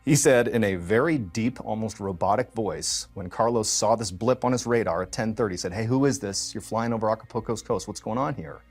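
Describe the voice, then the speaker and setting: A man's voice: lowish voice, brisk, few pauses, faint music behind. A man telling a true mystery story in a loose, conversational way, full of fillers and restarts. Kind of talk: casual spoken storytelling.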